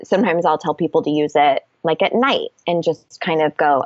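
A woman's voice: low voice, normal speed, no room sound. Candid woman with a dull, dry sound. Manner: candid, explanatory, swears casually. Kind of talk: casual podcast conversation.

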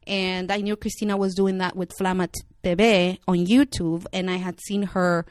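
A woman's voice: mid-range voice, steady tone, normal speed, few pauses, no room sound, clean studio sound. A young woman with a Spanish accent, chatting candidly as an interview guest with lots of filler words. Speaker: actress and writer guest. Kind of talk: casual interview talk.

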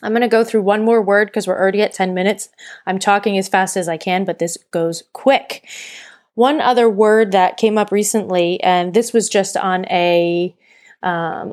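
A woman's voice: mid-range voice, darkish tone. A woman hosting a solo podcast, talking in an earnest, encouraging way and sometimes stopping to correct herself. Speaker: podcast host and burnout coach. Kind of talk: casual solo podcast talk.

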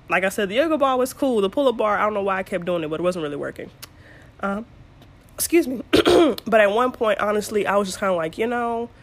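Chatty young woman. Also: fairly low pitch. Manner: chatty and candid, with playful asides. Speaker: vlogger telling her birth story. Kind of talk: casual storytelling to camera.

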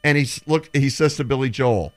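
A man's voice: mid-range voice, brisk. A man on a sports talk show, telling stories and acting out the voices of the people in them. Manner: animated storyteller who acts out quotes. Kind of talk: casual radio show chat.

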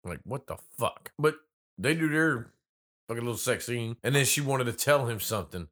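A man's voice: medium pitch, expressive, normal speed, a bit bright. A man co-hosting a casual movie-review chat, riffing sarcastically and swearing freely. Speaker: podcast co-host.

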